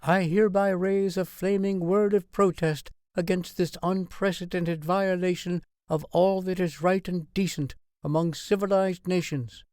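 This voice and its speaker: A man's voice: high-pitched, fairly even intonation, measured pace, few pauses, a little mellow, clear, resonant tone, no room sound, clean studio sound, voice pushed up. A man voicing a queen who is speaking to her nation over the radio with outrage and resolve in her voice. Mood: defiant. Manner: rousing, outraged proclamation. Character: Dutch monarch, a woman giving a defiant wartime radio address.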